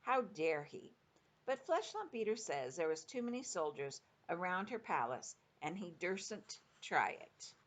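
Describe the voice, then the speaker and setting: A woman's voice: on the low side, sing-song, unhurried. A woman voicing a kindly big friendly male giant who talks in mangled grammar with made-up words.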